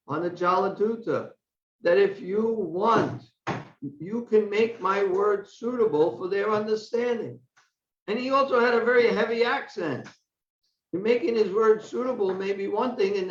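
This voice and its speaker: Older guy with a high voice giving a temple scripture class, chatty, repeats himself, echoey dull recording. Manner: conversational, repeats words while thinking. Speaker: class speaker. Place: temple hall.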